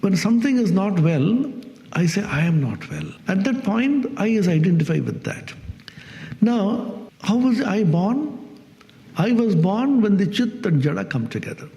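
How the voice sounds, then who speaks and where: Gravelly high-pitched man in a reverberant hall. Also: very animated, unhurried, dark tone. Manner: questions the audience, acts out everyday speech. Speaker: swami teaching Vedanta. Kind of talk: spiritual discourse to an audience.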